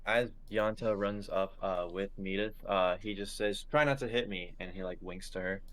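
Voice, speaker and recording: A man's voice: low-pitched, moderate pace, fairly bright tone. A man playing a character in a tabletop game, laid-back and wry. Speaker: player.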